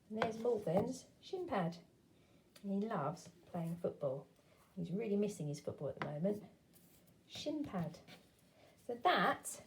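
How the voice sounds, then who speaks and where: A woman teaching a phonics lesson to young children, sounding out words slowly and clearly and encouraging them to join in. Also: medium pitch, lively intonation, darkish tone.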